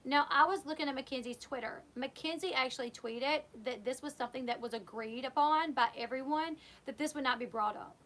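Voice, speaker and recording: A woman with a high, bright-sounding voice talks straight into a close mic. She recaps a reality show in a casual, gossipy way, sharing her opinions and acting out the quotes as she goes. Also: brisk, hardly any pauses.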